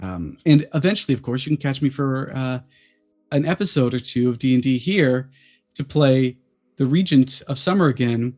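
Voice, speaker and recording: A man appearing as a guest on a live-streamed chat show, talking in an energetic, quick way. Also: mid-range voice, faint music behind.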